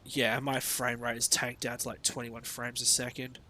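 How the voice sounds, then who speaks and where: Bright-voiced Australian man streaming a game. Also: mid-range voice, flat delivery, normal speed. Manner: rambling, sweary, sarcastic asides. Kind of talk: casual gameplay commentary.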